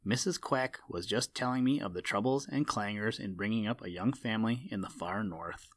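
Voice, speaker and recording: An eager, friendly rabbit who is quick to speak up, as a male storybook reader puts him on. The voice sits low, and the recording is dry and close. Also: no echo, natural voice.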